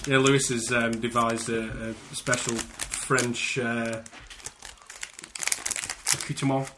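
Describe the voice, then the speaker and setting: A man's voice: medium pitch, little pitch movement, slow, pauses often, background noise. A man co-hosting a podcast, tossing in jokey asides. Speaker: podcast co-host. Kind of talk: casual banter.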